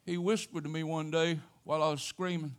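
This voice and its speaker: An older man preaching a sermon, telling a personal story in a folksy way with sudden loud exclamations. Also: on the high side, level tone, fairly quick. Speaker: pastor.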